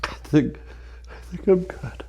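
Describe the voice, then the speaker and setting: A man's voice: a little slow, mellow. A man reacting as a chiropractic patient, emotional and relieved, exclaiming and sighing in awe. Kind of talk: spontaneous reactions during treatment.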